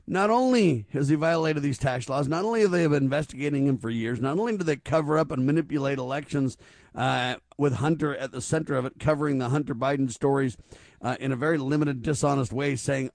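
A man's voice: mid-range voice, a little fast, creaky, a little mellow, no room sound, studio quality. A man hosting a talk radio show, speaking emphatically and stacking rhetorical questions. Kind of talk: conservative talk radio commentary.

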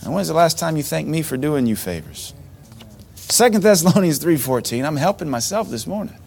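A middle-aged man preaching a sermon as pastor, animated, with sudden loud outbursts and mocking asides. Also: fairly high pitch, a little fast, vocal fry, slightly rough.

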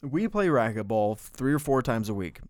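Middle-aged male co-host, spins lively small-town yarns, cusses, jumps up high when worked up; close, dry mic. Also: moderate pace, dry recording. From Bloomfield, New Mexico. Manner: animated storyteller, swears, gets loud and high when excited. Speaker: podcast co-host. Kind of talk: casual storytelling chat.

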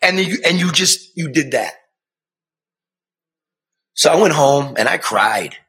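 A middle-aged man, a former TV news reporter, telling a personal story in an earnest, conversational way, moving from hushed to impassioned. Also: on the high side, big pitch swings, slow. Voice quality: raspy. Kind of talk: earnest spoken storytelling and banter.

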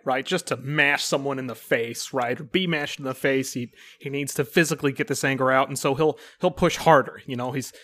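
A man's voice: medium pitch, fairly bright tone, dry recording. A man playing a tabletop role-playing game, describing his character's actions in a rambling way with lots of fillers and restarts. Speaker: player.

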